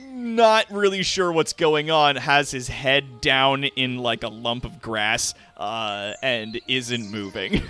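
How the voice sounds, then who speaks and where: A man running a tabletop game as game master, narrating in an unhurried way, with lots of fillers and frequent laughter. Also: mid-range voice, pushed and bright.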